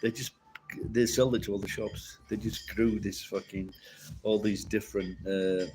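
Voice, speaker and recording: A man's voice: lowish voice, fairly even intonation, moderate pace, music in the background, poor audio. A middle-aged man with a Yorkshire accent, chatting casually in a rambling, sweary, blunt way. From Yorkshire, northern England.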